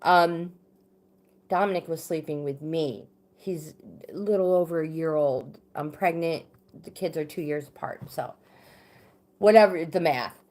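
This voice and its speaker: A middle-aged woman recounting a story on a livestream, her pitch sitting a little low. She speaks slowly and unhurriedly, pausing often, restarting sentences and filling gaps with "um.". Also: darkish tone. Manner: halting, many restarts and fillers. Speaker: livestream host. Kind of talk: casual storytelling.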